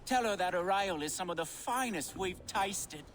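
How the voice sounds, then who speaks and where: A smooth, mocking swindler who charms and threatens in the same breath. His voice sits on the higher side and swoops up and down with theatrical flair. It is a video game voice. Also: expressive, normal speed, noisy background. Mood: sly mocking. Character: sly charming male swindler, middle-aged.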